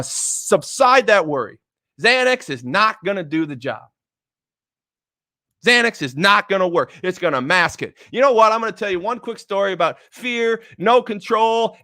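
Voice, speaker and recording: A middle-aged man giving a motivational talk, excitable and emotional, repeating phrases for emphasis and swinging from quiet, low stresses to loud, excited bursts. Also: no room sound, clean studio sound. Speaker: motivational speaker.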